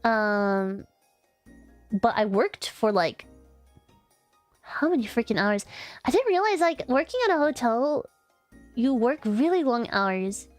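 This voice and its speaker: A woman's voice: fairly high pitch, very animated, slow, pauses often, soft background music. A young woman streamer telling a story in casual chat, rambling with lots of fillers and restarts.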